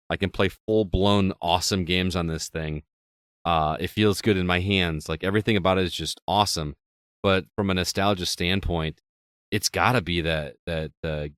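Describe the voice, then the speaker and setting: A man hosting a casual podcast chat, relaxed and nostalgic, steering the talk to his co-hosts. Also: deep voice, clear, resonant tone, no echo, studio quality. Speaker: podcast host.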